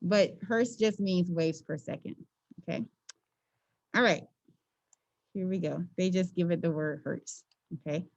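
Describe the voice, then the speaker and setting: A woman's voice: on the low side, measured pace, creaky, pauses often, darkish tone, no room sound. Chatty woman physics teacher, muffled audio. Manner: chatty, playful, checks in with frequent "okay?". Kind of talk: classroom lecture.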